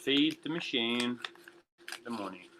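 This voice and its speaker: A tired man hosting a livestream music show, rambling and ranting with constant swearing, swinging between loud outbursts and muttered asides. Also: medium pitch, expressive, slow pace, background noise.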